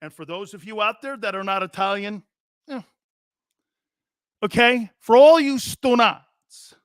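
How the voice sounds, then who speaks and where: A man hosting a sports talk show, animated and joking, often laughing and slipping into other voices. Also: sits high, measured pace, clean tone, dry recording, studio quality.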